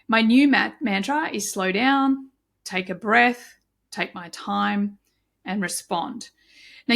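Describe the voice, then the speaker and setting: A woman's voice: medium pitch, vocal fry, fairly bright tone. A middle-aged woman hosting a solo podcast, talking earnestly and reflectively with frequent restarts. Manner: earnest, reflective, with many restarts and self-talk asides. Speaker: podcast host.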